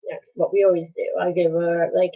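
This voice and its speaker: A woman telling a painful story on a live stream, halting and pausing as she goes. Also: on the low side, little pitch movement. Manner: halting, with many pauses and restarts. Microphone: phone. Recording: tinny phone-like sound.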